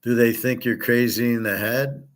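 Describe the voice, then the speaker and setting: This host's mid-range voice holds a fairly even intonation at a moderate pace as he chats on a casual stream about betting and gold. He is blunt and rambling, swearing while he answers chat comments.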